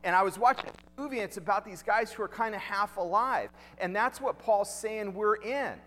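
A man's voice: high voice, a bit bright, in a large hall. A male pastor preaching a sermon in a conversational way, asking the congregation questions and repeating key lines.

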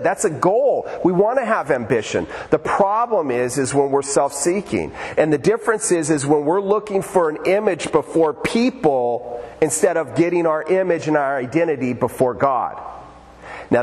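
A man pastor preaching a conversational sermon in a church sanctuary, animated and lively. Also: on the high side. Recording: church hall with long reverb.

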